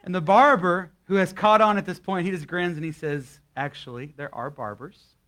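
A man's voice: sits high, a little fast, bright, forceful tone. A young adult man preaching to his congregation in a folksy, conversational way, telling a story and then leading a prayer. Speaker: guest pastor. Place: church service before a live congregation.

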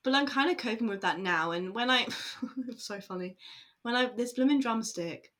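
A woman's voice: fairly high pitch, moderate pace, fairly bright tone. A woman talking casually in an interview, rambling with many fillers and bursts of laughter. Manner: chatty, lots of fillers and laughter. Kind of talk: casual chat.

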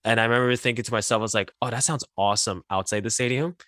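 A man telling a story in casual podcast chat, animated and laughing often. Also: mid-range voice, very fast, no room sound, clean studio sound.

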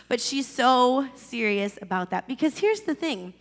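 Animated woman preaching in a hall. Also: a little high, a little slow. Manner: animated storytelling, mimics voices. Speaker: pastor. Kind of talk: sermon.

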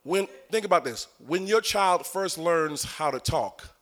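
High-voiced man preaching in sing-song. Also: lively intonation, unhurried. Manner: sing-song preaching cadence, rising to shouts; talks directly to the congregation. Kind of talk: sermon.

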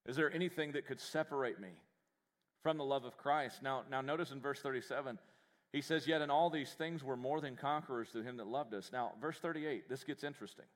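A man preaching a sermon in a church, folksy and joking, with animated delivery. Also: medium pitch, fairly quick. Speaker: pastor.

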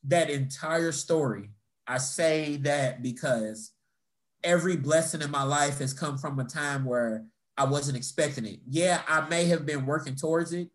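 Speaking a little slowly in a slightly high voice, a young man recounts personal stories during a relaxed chat. He curses freely and performs the voices of whoever he's quoting.

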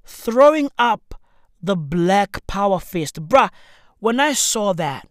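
A man, delivering a profane, slang-filled comedic rant and often breaking into shouts. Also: sits high, big pitch swings, takes it slowly, dry recording, clean studio sound. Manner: loud swearing slang-heavy, jumps to shouts. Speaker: comedic ranter.

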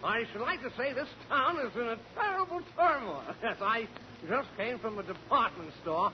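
Casting: man playing fluttery old gent, high squeaky voice, giggles and stammers, lo-fi old radio sound. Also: animated, moderate pace, a little hiss or hum. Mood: chuckling. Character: flustered chuckling elderly gentleman, giggly and rambling. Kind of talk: 1940s radio comedy impression. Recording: dull lo-fi old radio broadcast.

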